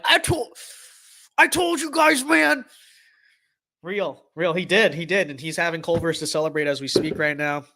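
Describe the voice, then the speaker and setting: A young man streaming a game and commenting casually, hyped, jokey and boastful, often shouting with excitement. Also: on the high side. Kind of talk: casual gaming livestream commentary.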